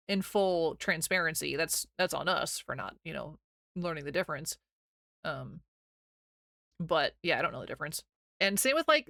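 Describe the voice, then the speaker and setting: A young woman with a light Missouri accent chats loosely with her viewers, rambling from one thought to the next and giggling often. Her voice is bright and forceful. The sound is dry and close, with no room around it. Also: mid-range voice, dry recording. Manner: chatty, rambling, giggly, reads chat aloud. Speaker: streamer. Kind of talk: casual chat with stream chat.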